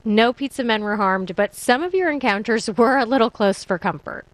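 A woman's voice: fairly high pitch, expressive, moderate pace, no echo. A woman hosting a radio science show, reading scripted links between callers.

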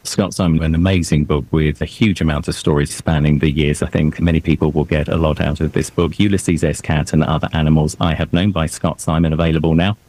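A male public radio host who interviews a guest and reads station announcements in a measured, polished way. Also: rumbling low, flat delivery, a little mellow. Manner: measured, polished broadcaster delivery. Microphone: studio microphone.

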